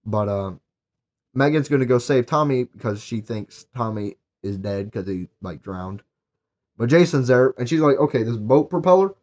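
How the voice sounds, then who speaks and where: A man's voice: mid-range voice, normal speed, darkish tone. A young man talks through a horror movie in a loose, casual recap. He rambles, restarts and piles on fillers. He sounds eager when he praises it. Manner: rambling, filler-heavy, enthusiastic. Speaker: movie reviewer.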